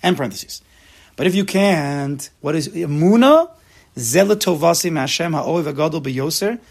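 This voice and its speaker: Male Torah teacher, gravelly husky voice, punchy classroom delivery. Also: on the high side, lively intonation, normal speed. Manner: emphatic, mixes Hebrew terms into English. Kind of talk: lecture to a class.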